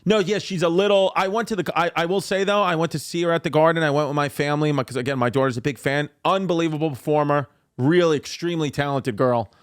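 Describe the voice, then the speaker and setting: A man, hosting a podcast in casual chat, rambling and animated with lots of repeats and swearing. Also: on the high side, quick pace, few pauses, clean tone. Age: 40s. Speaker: podcast host.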